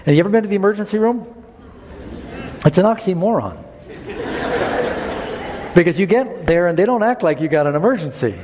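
Preacher, man, slightly high voice, storytelling sermon, long hall echo, faint room noise. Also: brisk, pauses often. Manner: storytelling, animated, rising to emphatic preaching.

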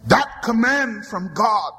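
A male pastor with a strikingly high voice delivers a sermon slowly and deliberately, stacking repeated refrains that rise into shouted climaxes. His words ring out with a long reverb, as in a large church sanctuary. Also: expressive, slightly rough. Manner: rhythmic preaching with repeated refrains, rising to shouts.

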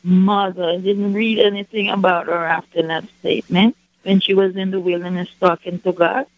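A woman calls in to a radio program and asks her question in a polite, tentative way. Her voice is flat and even in pitch. It comes through a dull, muffled phone line. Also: normal speed, no room sound. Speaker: caller. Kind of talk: phone call to a radio show.

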